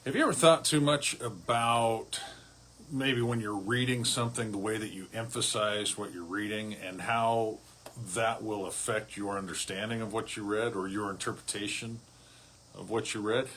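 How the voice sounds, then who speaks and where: A man giving a relaxed devotional as a pastor, speaking conversationally and often restarting or repeating his words. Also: fairly low pitch, moderate pace, slight background noise. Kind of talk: casual devotional sermon.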